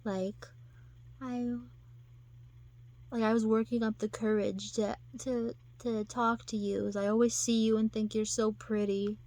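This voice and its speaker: A woman's voice: fairly high pitch, flat delivery, measured pace, darkish tone. A woman retelling a hurt, shy young man. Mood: hurt, plaintive.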